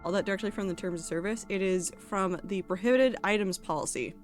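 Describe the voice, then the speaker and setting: Woman streamer, casual chatty gaming talk, mid pitch, lots of likes. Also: a little fast, faint music behind. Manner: rambling, chatty, many filler likes. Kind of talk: casual live-stream chat while gaming.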